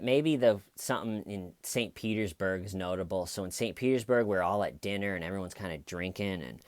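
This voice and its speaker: Man, stand-up comedian, casual vlog storytelling, rambling with fillers, lowish voice, dry close sound. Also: dry recording.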